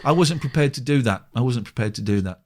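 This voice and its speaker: A man, a radio presenter, telling stories in a casual interview, animated and swearing freely as he acts out what he said. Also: medium pitch, fast. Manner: animated storyteller who acts out his own quoted lines, swears freely.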